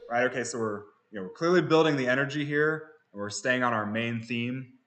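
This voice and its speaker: A man teaching music production software, relaxed, with frequent fillers and restarts. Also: medium pitch, brisk. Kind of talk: software tutorial.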